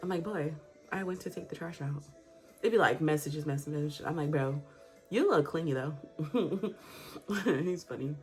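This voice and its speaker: A woman's voice: sits low, moderate pace, darkish tone, soft background music. A young woman vlogger, telling a story in casual, profane chat and acting out the quotes. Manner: candid and profane, acts out quotes.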